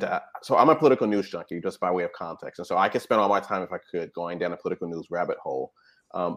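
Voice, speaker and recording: A man talking as a guest expert in a conversational interview, explaining patiently and often checking in with "right?" and "you know". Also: low voice. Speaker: guest expert on technology habits.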